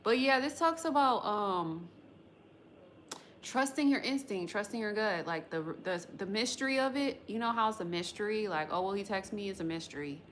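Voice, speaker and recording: A woman's voice: mid-range voice, animated, moderate pace, a bit bright, slight background noise. A woman hosting a tarot livestream, chatting loosely with viewers in a slangy, rambling way and swearing casually. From West Coast of the United States. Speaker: tarot reader livestream host.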